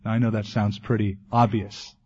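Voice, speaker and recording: A man preaching a sermon as pastor, earnest, ending in a quiet prayer. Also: on the low side, flat delivery, normal speed, husky. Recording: dull lo-fi 1980s tape.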